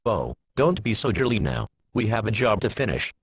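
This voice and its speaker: A man's voice: lowish voice, sing-song, normal speed, a little hiss or hum. A man doing a tough no-nonsense farm pony. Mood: scolding. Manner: brusque, scolding.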